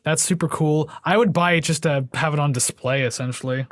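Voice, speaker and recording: A man's voice: fairly high pitch, brisk, noisy background. A young man co-hosting a music podcast, rambling casually with lots of fillers and frequent laughter. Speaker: podcast co-host. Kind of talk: casual chat.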